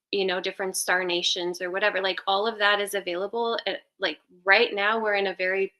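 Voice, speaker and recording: A woman's voice: medium pitch, pushed and bright. A woman giving spiritual advice in a casual, meandering way, with many fillers and restarts. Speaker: spiritual guest speaker.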